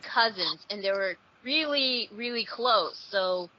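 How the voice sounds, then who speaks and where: A woman's voice: medium pitch, animated, takes it slowly. A woman talks casually with friends, rambling along with lots of ums and uhs. Her voice sits in an ordinary range. The recording is dull and lo-fi. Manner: rambling with many fillers. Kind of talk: casual group chat.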